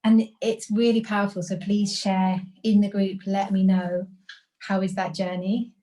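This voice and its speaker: Calm, mellow-voiced woman workshop facilitator. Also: mid-range voice, unhurried, slight background noise, poor audio. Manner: calm, encouraging, invites reflection. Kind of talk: guided group workshop talk.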